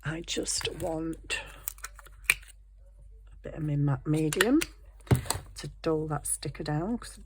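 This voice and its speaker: A woman's voice: low-pitched, slow pace, long pauses, very noisy. A woman chatting casually and rambling cheerfully about her craft project at her home desk. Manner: rambling, self-deprecating, chatty. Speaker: craft vlogger.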